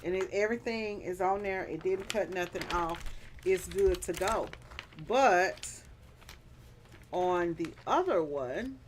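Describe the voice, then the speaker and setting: With a lowish, expressive voice, a woman vlogger speaks slowly over slight background noise. In her casual stream chat she teases viewers, uses Southern slang, and laughs hard.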